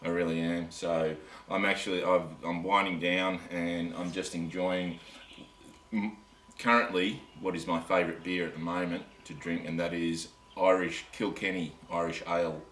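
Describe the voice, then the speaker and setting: A very deep-voiced Australian man chats to the camera in a loose, rambling way, often breaking off mid-sentence. He sounds worn out. He is heard from a distance in an echoey space, with faint ambient noise behind him. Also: little pitch movement, moderate pace, a bit bright. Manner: rambling, self-interrupting, chatty. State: tired. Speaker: camping vlogger. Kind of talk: casual chat to camera.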